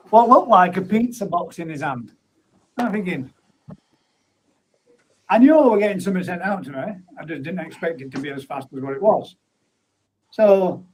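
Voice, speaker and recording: A man's voice: sits high, husky, rough recording. A man hosting a casual live stream, reading out viewer comments in a laddish, chatty way while getting over an illness. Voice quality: chatty and laddish, calls people mate and bud. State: recovering from illness. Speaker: host of a live pond chat stream. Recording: faint background noise.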